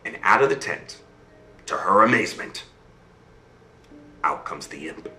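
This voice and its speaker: A man telling a fairy tale in an animated storytelling style, often checking in with his listener. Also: low-pitched, measured pace, reverberant, heavily acted.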